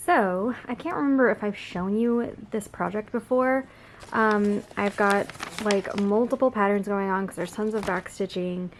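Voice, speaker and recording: A woman's voice: medium pitch, a little hiss or hum. A young adult woman chatting casually in a vlog, rambling with lots of fillers. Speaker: vlogger.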